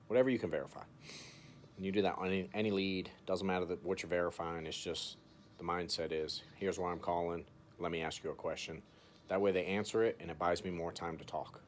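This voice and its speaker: A man's voice: low-pitched, fairly quick, pauses often, a little hiss or hum. A man coaching salespeople in a casual, chatty way, acting out phone calls and saying "dude" a lot. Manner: relaxed, chatty, role-plays phone calls, says "dude" often. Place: home, recording himself.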